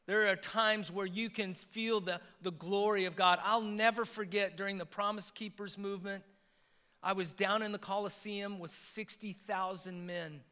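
A man preaching a sermon as pastor, swinging between hushed asides and emphatic, animated lines, in a church sanctuary. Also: high voice, moderate pace, clean tone, in a large hall.

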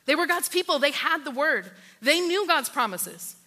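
Woman pastor giving a sermon; high, bright, sharp delivery with soft hushed passages. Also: very animated, normal speed. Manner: drops to a soft hush for quoted comfort.

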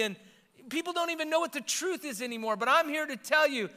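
A man preaches in a high, bright voice that rings out under the long reverb of a large hall. He swings between loud, emphatic declarations and hushed, earnest asides. Now and then he drops into a chatty tone with quick restarts. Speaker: pastor. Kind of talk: sermon.

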